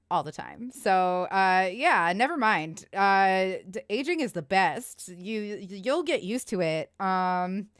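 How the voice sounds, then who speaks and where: A woman in her late thirties, a little out of breath, chats in an unhurried, rambling way as she crochets. She laughs at herself often. The sound is dry and close to the mic. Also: mid-range voice, clean tone, no room sound. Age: late 30s. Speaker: streamer. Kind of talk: casual chat while crocheting.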